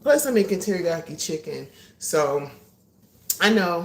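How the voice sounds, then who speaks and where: Low-ish voiced woman chatting on a kitchen livestream, echoey room, kinda far from the mic. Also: unhurried, slight background noise. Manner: chatty, animated, greets viewers. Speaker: livestream host. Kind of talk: casual chat. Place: home kitchen.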